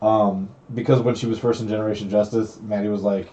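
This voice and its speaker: A man's voice: on the low side, fairly even intonation, fast, dull audio, background noise. A man chatting and laughing with friends before running a game session. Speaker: game master. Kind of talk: casual banter among friends.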